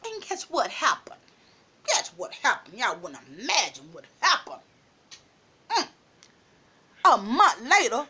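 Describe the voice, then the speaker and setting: Female storyteller, casual vlog; animated, swooping delivery, frequent laughter. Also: a little high, unhurried, long pauses, slightly rough. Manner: animated, laughs often, calls listeners "baby". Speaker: storytime vlogger.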